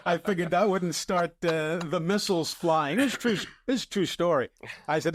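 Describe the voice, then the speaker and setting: Older guy broadcaster telling old game stories, kinda high voice, dry close sound, lots of chuckles. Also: moderate pace, no room sound. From New York area. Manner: animated anecdotes, chuckling, quoting himself. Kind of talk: casual storytelling on a podcast.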